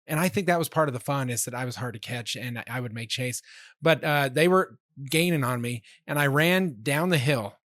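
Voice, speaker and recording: A man's voice: medium pitch, fairly quick, a bit bright, no room sound, studio quality. Wry, self-deprecating man telling stories. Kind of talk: casual chat.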